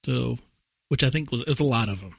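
Man, podcast co-host, husky voice, playful, rambling, laughs a lot, dry close mic. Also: medium pitch, fast, no echo. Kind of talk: casual chat.

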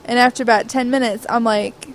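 A woman's voice: on the high side, steady tone, fairly quick, slight background noise, low-quality recording. A woman in casual chat, explaining her ideas in a matter-of-fact way.

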